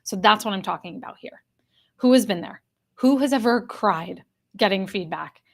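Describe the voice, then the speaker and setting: A woman's voice: mid-range voice, animated, normal speed, vocal fry. A woman executive coach teaching a live online workshop, talking straight to her audience and repeating the key points for emphasis. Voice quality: addresses a live chat audience directly.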